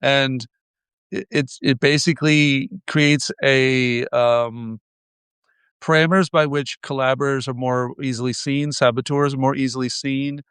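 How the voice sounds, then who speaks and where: A man hosts a casual podcast conversation with a smooth, clear voice. He talks in a wry, meandering way, often restarting his sentences. The recording is dry and close. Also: mid-range voice, steady tone, a little slow, a bit bright, no echo. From United States. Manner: wry, rambling, many restarts. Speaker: podcast host.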